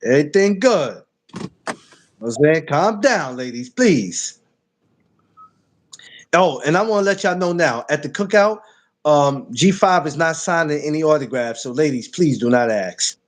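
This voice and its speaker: A man hosting a podcast in casual banter, loud and joking, repeating himself for effect. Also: a little high, expressive, measured pace, long pauses. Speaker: podcast host.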